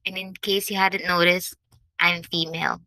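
Brief: a woman playing a sharp, wry young lady, bright tone, low-ish voice, audiobook. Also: little pitch movement, moderate pace, no echo, low-quality recording. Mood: exasperated. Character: quick-witted exasperated young lady.

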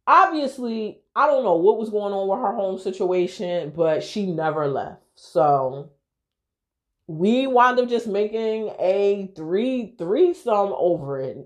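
A young woman telling a personal story on her podcast in a candid, profane, lively way. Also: mid-range voice, slow pace. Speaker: podcast host. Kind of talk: casual storytelling to listeners.

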